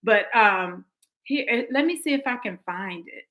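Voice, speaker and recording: A woman's voice: on the high side, animated, unhurried, a bit bright, poor audio. An American woman hosting a livestream commentary, talking emphatically to her viewers with frequent restarts. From United States. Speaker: livestream host.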